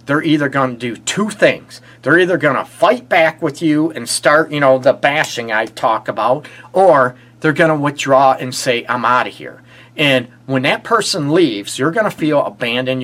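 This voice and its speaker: On a live stream, a middle-aged relationship therapist talks casually and earnestly with viewers, asking rhetorical questions as he advises them. He has a mid-range, slightly bright voice.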